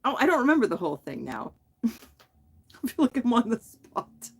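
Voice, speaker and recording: A middle-aged woman hosting a casual livestream, chatting with viewers in a giggly, self-deprecating way. Her voice rises and falls in a lively, animated way as she rambles and laughs at herself. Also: a little high, measured pace, creaky, slightly rough. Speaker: livestream host.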